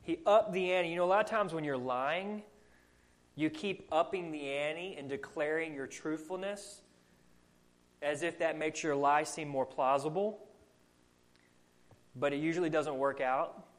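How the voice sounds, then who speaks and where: A man's voice: a little high, unhurried, long pauses. A man with a Southern US accent preaching a sermon, earnest and full of rhetorical questions. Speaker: pastor.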